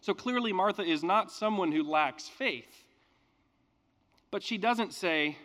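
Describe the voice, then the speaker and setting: A man reading scripture and preaching a sermon in a measured, earnest way with emphatic pauses. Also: sits high, fairly bright tone, big-room sound. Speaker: pastor.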